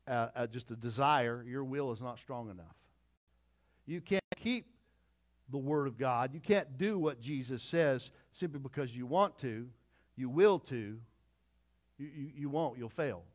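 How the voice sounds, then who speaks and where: A man's voice: medium pitch, animated, a little slow. A middle-aged pastor preaching a conversational sermon with repeated phrases and asides to his congregation.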